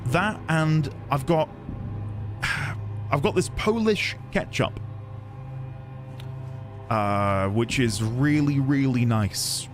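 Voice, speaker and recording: A man's voice: mid-range voice, expressive, very slow, long pauses, music in the background. A man streaming a game, musing aloud playfully as he reads notes and explores. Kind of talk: let's-play commentary.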